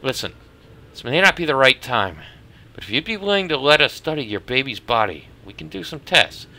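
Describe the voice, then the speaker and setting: A man's voice: medium pitch, sing-song, pitched above the performer's own voice, full character voice. A man playing a somber apologetic doctor. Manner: soft, apologetic and measured. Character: somber male doctor breaking bad news.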